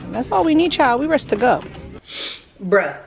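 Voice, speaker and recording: A woman's voice: high-pitched, big pitch swings, moderate pace, gravelly, over music, poor audio. A pregnant woman in her thirties, talking candidly to viewers in a slangy, chatty vlog, filmed on a handheld camera in her car and at home. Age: 30s. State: heavily pregnant. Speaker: vlogger.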